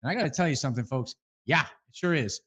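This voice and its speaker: A man's voice: a little high, animated, fast, fairly bright tone, breathy edge. A man co-hosting a comedy fake-news segment, rambling through mock-earnest reports and laughing between lines. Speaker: co-host of a comedy news parody.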